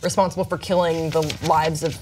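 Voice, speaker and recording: A woman's voice: low-pitched, flat delivery, a little fast, noisy background. A woman chatting casually as a panelist on a talk show, thinking aloud as she explains.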